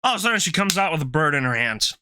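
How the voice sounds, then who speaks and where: A man's voice: on the high side, very animated, very fast, pushed and bright, a little hiss or hum. A man streaming live, telling a long rambling story in casual chat, laughing often and restarting his sentences.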